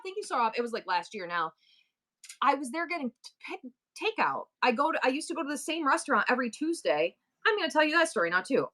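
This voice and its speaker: Chatty middle-aged woman, rambling storyteller. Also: on the high side. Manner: animated, rambling storyteller with many asides and restarts. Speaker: live-stream seller and host. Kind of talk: casual storytelling chat.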